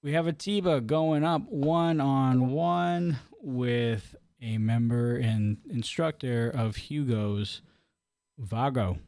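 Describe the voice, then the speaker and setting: Slow-talking teasing podcast co-host. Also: male voice, medium pitch, no room sound. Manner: teasing, reads viewer shout-outs and match cards. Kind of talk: casual wrestling review chat.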